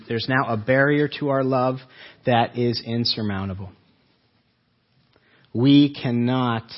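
Male pastor, husky voice, earnest sermon delivery with rhetorical questions, muffled low-fidelity sound. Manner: earnest, asks rhetorical questions, slows for emphasis.

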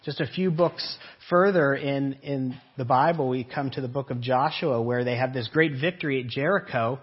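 A man's voice: medium pitch, moderate pace, few pauses, husky. A man preaching a sermon in an earnest way, often asking rhetorical questions. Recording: dull lo-fi recording.

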